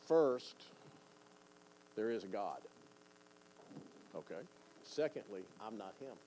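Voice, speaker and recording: A man's voice: lowish voice, expressive, slow, dark tone, slight background noise, poor audio. An older man preaching a conversational sermon in a church, folksy and plain-spoken, often repeating words and acting out what people say. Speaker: pastor teaching a seminar.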